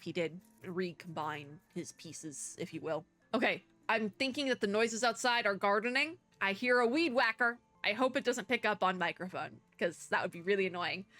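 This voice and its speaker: A woman's voice: medium pitch, a bit bright, no echo. A young woman at home giving casual, reflective commentary on a game's story, chatty and full of filler words. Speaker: game content creator. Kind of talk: casual playthrough commentary, reading story aloud. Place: at home, indoors.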